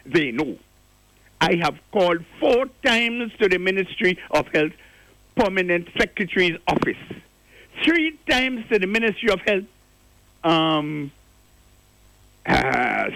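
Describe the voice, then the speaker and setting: A man's voice: high voice, fairly bright tone, no room sound, low-quality recording. An older man from Grenada, calling in to a radio show with impassioned, preachy commentary and repeating key words for emphasis.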